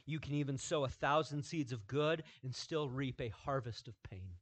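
A man preaching a sermon, moving from quiet, measured lines to loud, emphatic repetition. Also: medium pitch. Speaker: pastor.

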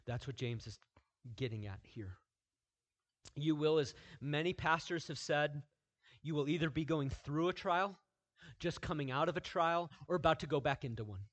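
A man preaching a sermon, moving from quiet, measured lines to loud, emphatic repetition. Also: on the high side. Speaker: pastor.

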